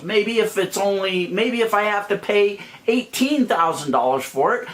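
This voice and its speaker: A man's voice: high-pitched, fairly bright tone. A middle-aged man ranting to his viewers, blunt and profane, calling people idiots and describing himself as a plain speaker. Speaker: YouTube money-making vlogger.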